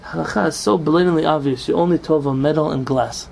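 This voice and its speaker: A man's voice: a little high, fast talker, creaky, darkish tone, a little hiss or hum. A man teaching an informal religious law class as rabbi, explaining with rhetorical questions and Hebrew terms.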